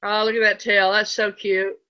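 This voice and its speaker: Bright chatty woman with a slight lisp. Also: mid-range voice, little pitch movement, moderate pace, smooth, dull audio. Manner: chatty and laughing often. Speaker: viewer joining the stream.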